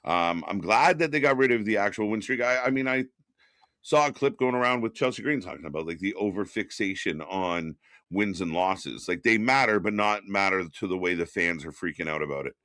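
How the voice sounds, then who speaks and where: A man co-hosting a live wrestling watch-along, chatty and quick to laugh, firing off questions. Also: on the low side, animated, bright, forceful tone, no echo, studio quality. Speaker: co-host.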